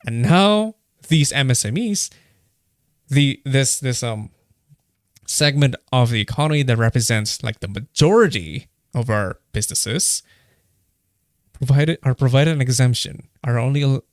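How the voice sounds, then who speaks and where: A man's voice: mid-range voice, normal speed, no room sound, clean studio sound. A young man from Indonesia giving casual, heated commentary, blunt and swearing, with many hesitant fillers. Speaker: streamer reacting to a live broadcast.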